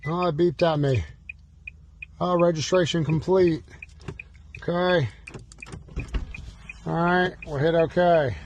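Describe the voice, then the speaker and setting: A slightly higher-voiced man walks through programming car keys from the driver's seat, narrating every button press. He breaks into playful, fretful exclamations as if panicking. A faint hiss of noise sits under the recording. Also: fairly even intonation, takes it slowly, pauses often, a little mellow, highs cut off. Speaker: automotive locksmith demonstrating key programming. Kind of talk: hands-on demonstration with mock panic. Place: inside a car.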